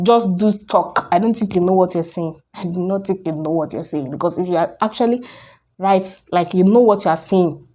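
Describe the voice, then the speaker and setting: Young woman ranting on her vlog, middle pitch, keeps throwing rhetorical questions. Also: darkish tone. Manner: argumentative, fires rhetorical questions. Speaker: vlogger. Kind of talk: casual opinion rant to camera.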